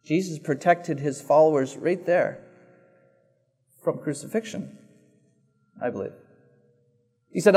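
A man preaching a sermon, reading scripture and then expounding it slowly and deliberately, repeating key phrases. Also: fairly high pitch, dark tone, breathy edge. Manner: slow, deliberate preaching with dramatic pauses and repetition.

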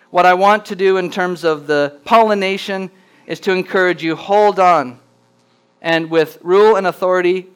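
A man preaching a sermon, earnest and plainspoken, slowing down to read scripture aloud with rising emphasis. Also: high-pitched, fairly bright tone, clear, resonant tone, rough recording. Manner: reads scripture slowly and deliberately, rising for emphasis. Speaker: pastor.

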